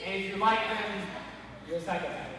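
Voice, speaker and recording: A man preaching to kids, animated and repeatedly calling them to listen. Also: high-pitched, fairly quick. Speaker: youth speaker. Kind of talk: sermon to kids. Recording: echoey hall from far off, faint noise.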